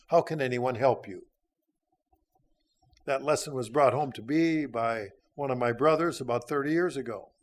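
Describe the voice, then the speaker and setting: A man in his sixties giving a sermon, teaching through a Bible passage in a folksy, conversational way with frequent hesitations. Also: fairly high pitch. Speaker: church speaker.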